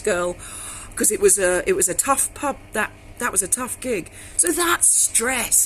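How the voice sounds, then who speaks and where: A woman's voice: on the high side, slight background noise, rough recording. A middle-aged woman vlogging, telling a story bluntly in casual speech and swearing freely.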